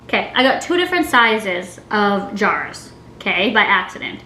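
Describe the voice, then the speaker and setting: A young woman chatting to camera in a casual vlog, giggly and dramatic with quick reactions, at home in her kitchen. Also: medium pitch, expressive, sharp tone, a little hiss or hum. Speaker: vlogger.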